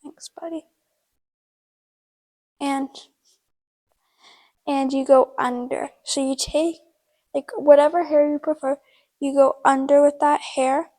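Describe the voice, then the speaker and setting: High-voiced woman giving a casual how-to. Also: flat delivery, a little slow, long pauses, dark tone, poor audio. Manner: chatty, lots of "like" fillers, talks while working. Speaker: horse-care video host. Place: horse barn.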